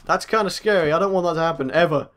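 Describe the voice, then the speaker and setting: A man's voice: fairly high pitch, fast talker, a bit bright. A young man, a gaming host, chatting to himself through a let's play and taunting the monsters he meets. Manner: chatty self-talk, taunts game mobs.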